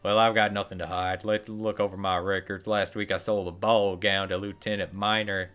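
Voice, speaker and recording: A man's voice: on the low side, little pitch movement, moderate pace, fairly bright tone, smooth, voice pushed down, natural voice. A man voicing a defensive male tailor in a game, prickly and curt.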